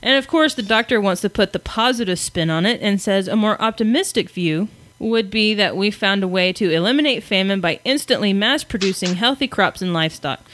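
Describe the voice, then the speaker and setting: A woman's voice: mid-range voice, fairly bright tone, no echo. A woman casually walks through a comic's story, chatty and a little self-mocking. Her voice sits in a middle range and sounds close and dry, with no room around it. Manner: chatty, self-deprecating, giggly. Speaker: podcast co-host.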